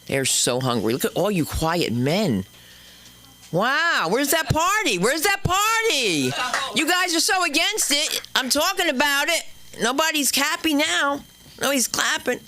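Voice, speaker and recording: A woman hosts a stand-up night on a comedy club stage, talking in a brash, chatty way. Her voice swoops all over, from low asides to loud high bits. The tone is bright and a little sharp. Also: lively intonation, moderate pace.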